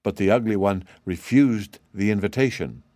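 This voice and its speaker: A man giving scripted storybook narration in a steady, even reading. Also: lowish voice, normal speed, no room sound.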